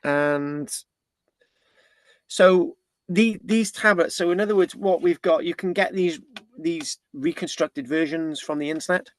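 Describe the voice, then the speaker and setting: A man's voice: on the high side, measured pace, no room sound. Rambling British male history presenter. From Britain. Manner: rambling, with frequent restarts and tag questions. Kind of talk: live online history talk.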